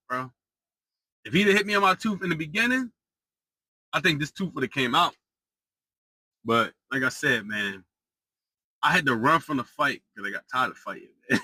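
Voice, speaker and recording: A young man tells a story in a casual, way, his voice bright and a touch high. He jumps far up when he acts out what he said and sinks low and soft when he thinks back. The sound is close and dry. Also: no echo. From United States. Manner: animated, rising high when quoting himself, dropping low and quiet when reflective. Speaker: storyteller vlogger.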